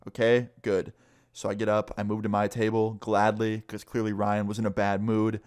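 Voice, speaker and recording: A man's voice: on the low side, monotone, fairly quick, darkish tone, clean tone, no echo, studio quality. A young man casually telling a story, rambling with lots of "like" and swearing freely. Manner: loose, profane, full of "like".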